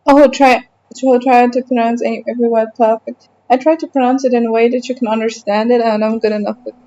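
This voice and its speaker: Young woman streamer, light German accent, high mellow voice, chatty and irritated, dull stream audio with faint music. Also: steady tone, quick pace. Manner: frustrated, chatty, reacting to chat while playing. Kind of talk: casual live-stream chat while gaming.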